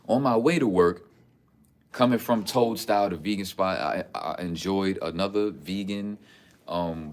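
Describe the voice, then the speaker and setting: A man, telling stories in a casual, streetwise, preachy vlog. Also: low voice. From the Bronx, New York. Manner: streetwise, preachy storytelling with lots of "you know what I'm saying". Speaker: vlogger. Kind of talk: casual talking-head vlog.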